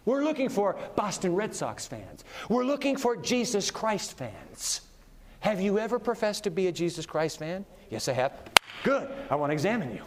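A male pastor delivers a sermon in an animated, conversational style, often slipping in small laughs. His voice sits high and swings widely in pitch. Long reverb fills the large room around him. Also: normal speed. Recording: long reverb of a big hall.

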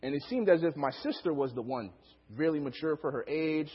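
A man's voice: on the high side, brisk, slightly rough, in a large hall, dull audio. A young male preacher telling a personal story as a sermon, acting out the quotes and laughing often.

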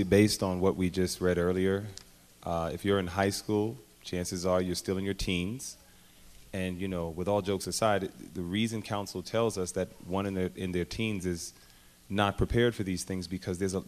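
A man answering a question on a youth panel in a measured, deliberate way, reciting a scripture passage in old formal wording. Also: deep voice, steady tone.

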